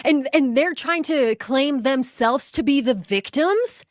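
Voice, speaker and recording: Female host, high pitch, mocking emphatic commentary. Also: slow, no room sound, studio quality. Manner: sarcastic, emphatic, mocking asides. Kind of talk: commentary on played clips.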